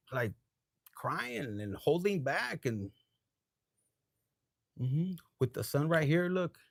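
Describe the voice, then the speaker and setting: A man reads tarot live in a loose, profane, slightly tipsy ramble, sprinkling in Spanish. His voice sits a little high and is gravelly with fry. The sound is dry and close. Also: dry recording. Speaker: tarot reader. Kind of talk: casual live tarot reading.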